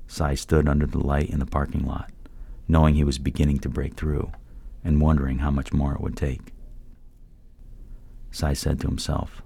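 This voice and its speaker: Very deep, gravelly male narrator. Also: level tone, moderate pace, pauses often, dark tone. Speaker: audiobook narrator. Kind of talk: scripted story narration. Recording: dry close-mic recording.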